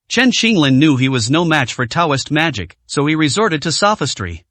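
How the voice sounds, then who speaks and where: A man reading a translated martial arts serial story aloud in a steady storytelling manner. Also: a little high, normal speed, hardly any pauses, dry recording. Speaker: narrator. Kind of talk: scripted story narration.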